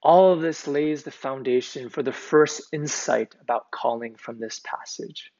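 Male pastor, measured sermon delivery with a gravelly edge; muffled, lo-fi sound. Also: medium pitch, darkish tone, a little hiss or hum. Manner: deliberate, emphatic repetition of key words. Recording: dull, lo-fi recording.

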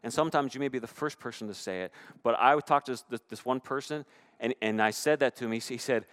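A middle-aged man preaching a sermon, telling stories in an animated way and swinging from loud to hushed. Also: medium pitch, quick pace. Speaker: pastor.

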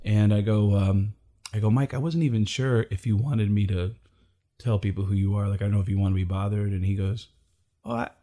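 A middle-aged man casually telling a comedy story, acting out the people he quotes with big jumps in pitch. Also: steady tone, a little fast, warm tone. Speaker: comedian guest.

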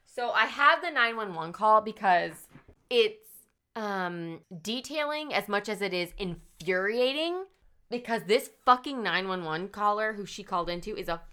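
A woman's voice: mid-range voice, pushed and bright, clean tone. A woman hosting a casual podcast, telling a true-crime story with a profane, indignant edge. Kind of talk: casual chat.

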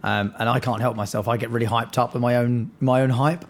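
Hoarse man chatting. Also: medium pitch, fairly even intonation, brisk. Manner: chatty, self-mocking, rambling with fillers. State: hoarse from shouting. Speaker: podcast co-host. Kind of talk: casual chat.

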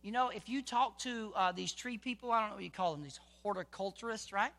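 A male pastor preaching a sermon in a conversational way, full of rhetorical questions, moving between quiet talk and loud, fervent preaching. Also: high-pitched, a little fast, creaky.

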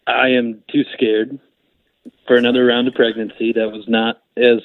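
A man's voice: medium pitch, flat delivery, normal speed, dry recording. Casting: man, podcast guest, crude blunt humor, thin phone-like sound. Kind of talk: casual chat.

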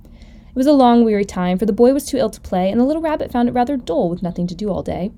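A woman host reading a children's story aloud gently and expressively. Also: fairly high pitch, expressive, quick pace. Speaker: podcast host.

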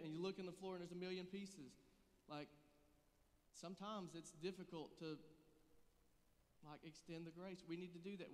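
A man's voice: high voice, big-room sound. A man in his thirties preaching a sermon, conversational and joking, growing earnest and intense. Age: 30s. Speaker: pastor.

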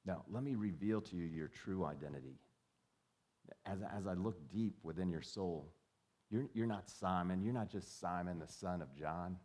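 A man voicing a gentle and wise male teacher who speaks to a follower slowly and intimately, in a low voice. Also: slightly rough. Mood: tender, solemn.

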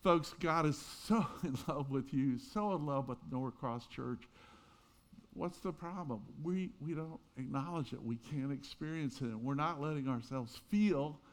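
A man's voice: a little high, a little slow. Older man preaching conversationally. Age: 60s. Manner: conversational preaching with sudden emphatic peaks. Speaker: pastor. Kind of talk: sermon.

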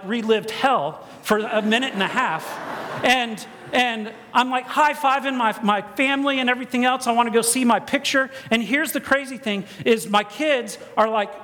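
A man preaching a storytelling sermon in a church, animated and acting out bits of dialogue in different voices. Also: very high voice. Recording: long echoey church reverb.

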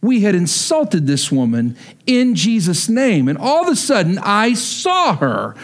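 A man's voice: high voice, wildly swooping pitch, a little slow. A man in his thirties from Texas preaching a sermon, telling a personal story and building to emphatic preaching. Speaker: pastor.

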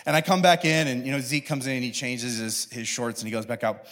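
A man giving a sermon as a pastor, telling family stories in a lively way and acting out his children's voices. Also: mid-range voice, fast talker, hardly any pauses. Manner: lively storytelling, acts out his kids' voices.

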